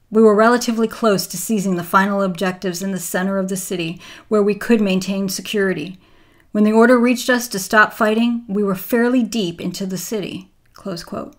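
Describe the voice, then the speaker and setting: A woman giving scripted documentary narration in a measured, even reading voice. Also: mid-range voice.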